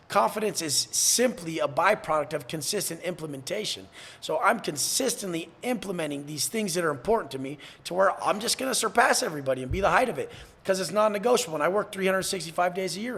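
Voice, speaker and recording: A man from San Diego speaks as a podcast guest in a blunt, profane and intense way. His voice is husky, with a slightly raised pitch. He often acts out the back-and-forth he is describing. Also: animated, fast talker, a bit bright. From San Diego, USA. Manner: profane, blunt and intense, acting out quoted exchanges. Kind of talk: podcast interview.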